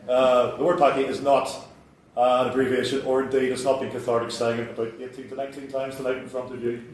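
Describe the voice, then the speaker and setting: A man's voice: medium pitch, quick pace. A man with a Belfast accent telling stories on stage, in a dry, sardonic and self-mocking way. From Northern Ireland. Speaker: writer performing a solo show. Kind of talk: stand-up storytelling. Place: large theatre hall. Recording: echoey hall, from far off.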